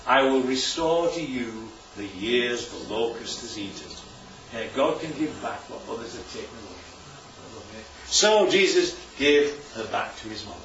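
A man's voice: mid-range voice, lively intonation, a little slow, fairly bright tone, slight background noise. A man preaching informally to a congregation, often asking "right?" and "isn't that lovely?". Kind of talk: informal church talk with slides. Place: church hall. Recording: roomy, distant and dull church recording.

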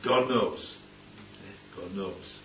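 A man's voice: low voice, drawn-out words, fairly bright tone, slight background noise. A man preaching an informal Bible-study sermon, chatty and playful, often checking in with "yeah?". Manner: chatty, keeps asking "yeah?", playful asides. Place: church hall with congregation. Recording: distant, roomy, dull hall recording.

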